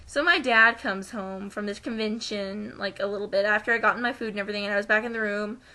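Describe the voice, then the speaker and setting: A woman's voice: medium pitch, fast. A young American woman vlogging, telling a story casually and acting out the voices of the people in it. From United States. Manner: animated, acts out quoted voices.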